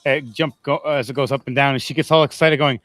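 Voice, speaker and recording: A man's voice: medium pitch, fairly even intonation, fast talker, a bit bright, no echo. A man running a tabletop game as game master, rambling and laughing, with many fillers.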